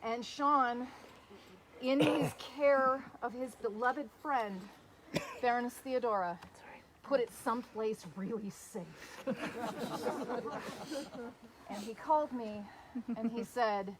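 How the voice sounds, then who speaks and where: A woman's voice: a little high, takes it slowly, pauses often, slight background noise, low-quality recording. A woman giving a heartfelt formal speech at a court ceremony, laughing and near tears. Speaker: ceremony speaker. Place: outdoor event with a crowd.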